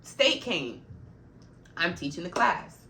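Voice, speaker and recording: A woman's voice: on the low side, sing-song, slow pace, sharp tone, slight background noise. A woman who works as an after-school program supervisor tells a work story straight to camera, getting heated, blunt and swearing freely as she vents.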